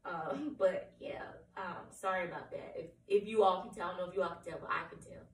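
A woman with a hoarse, cracking voice giving a candid personal update at home, rambling and apologetic with many ums. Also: lowish voice, a little fast. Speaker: vlogger. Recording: roomy, distant from the mic, faint room ambience.

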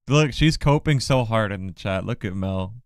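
Joking male streamer with a smooth, resonant voice and a dry, close sound. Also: on the low side, no room sound. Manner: joking, teasing banter. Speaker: livestreamer. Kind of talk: casual livestream chat.

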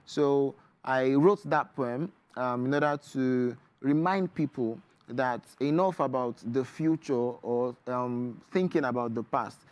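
A man's voice: medium pitch, measured pace, few pauses, darkish tone, clear, resonant tone, no room sound. A man with a Nigerian English accent, a poet and author speaking as a guest in a TV studio interview. He talks in an earnest, reflective way, with many fillers. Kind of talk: studio interview, reading his poetry.

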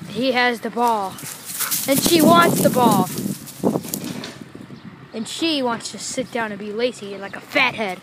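A woman vlogging outdoors, playfully yelping and shouting as dogs chase her around a rural yard. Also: on the high side, a little slow, pauses often, background noise. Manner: excitable, yelps and shouts while being chased. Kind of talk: casual vlog with play-by-play while playing with dogs.

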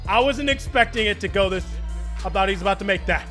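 Man, very high voice, bright and forceful, excitable gameplay commentary, quiet music behind. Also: quick pace. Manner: excitable, shouting at big plays. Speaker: gaming YouTuber.

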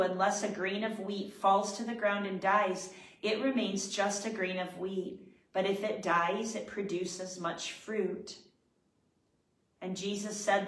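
A woman leading prayer, reading scripture aloud in a measured, reverent way. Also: mid-range voice. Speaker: prayer leader. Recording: roomy, distant from the mic.

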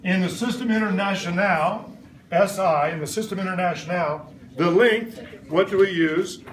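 A man's voice: high-pitched, normal speed, reverberant, recorded from a distance, slight background noise. A middle-aged man teaching a science lesson in a classroom, quizzing the class in playful call-and-response. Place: elementary school classroom.

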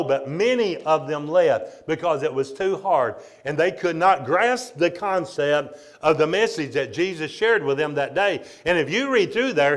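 Emphatic male pastor preaching a sermon. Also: a little high. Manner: emphatic preaching, often calling "Amen?" to the congregation; swings between loud and quiet delivery. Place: church, streamed online.

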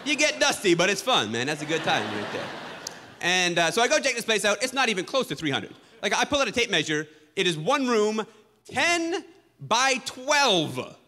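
A man's voice: high-pitched, bright, forceful tone, long reverb tail. A man doing a stand-up comedy set on a club stage, ranting with exasperated sarcasm.

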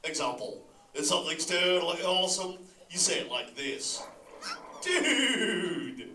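A man doing Crush, a bright surfer-dude sea turtle. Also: high voice, moderate pace, a little hiss or hum. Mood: stoked, laid-back. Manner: drawls "dude" constantly in surfer slang; lively, laughs often, talks straight to the audience. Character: laid-back surfer-dude male sea turtle dad. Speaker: live show performer chatting with an audience. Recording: echoey hall, voice from far off.

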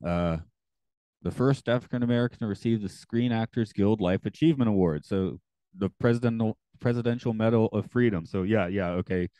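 Deep-voiced man in casual chat. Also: dark tone, clear, resonant tone, dry recording. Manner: conversational, halting with frequent restarts. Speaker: podcast co-host.

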